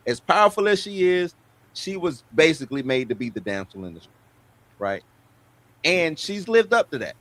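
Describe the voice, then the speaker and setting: Lively man co-host with an expressive, slightly high voice, argumentative. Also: normal speed. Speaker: podcast co-host. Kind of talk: casual chat.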